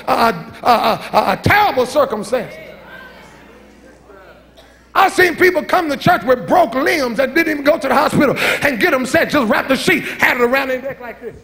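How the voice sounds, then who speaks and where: In a church sanctuary, a middle-aged pastor with an unusually high, piercing, gravelly voice delivers a folksy, fiery sermon. He shouts his points, then drops into low, teasing asides. There's a little hiss or hum in the background.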